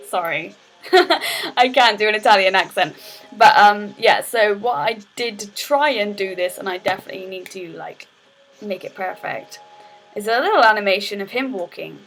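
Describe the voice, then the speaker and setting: A woman's voice: mid-range voice, lively intonation, moderate pace, a bit bright, soft background music, rough recording. A young woman casually streaming her game development work, chatting in a rambling way full of fillers and restarts. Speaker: game dev student streamer. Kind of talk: casual live stream chat.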